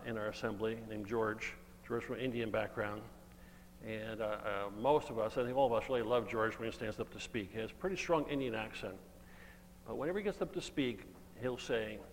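A man preaching an earnest, emphatic sermon and reading scripture aloud. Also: medium pitch. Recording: long hall reverb, faint hum.

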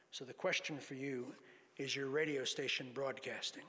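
A man's voice: medium pitch, fairly even intonation, normal speed, bright, forceful tone. A man preaching a sermon to a congregation, teaching lessons from scripture and reading passages aloud. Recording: long hall reverb.

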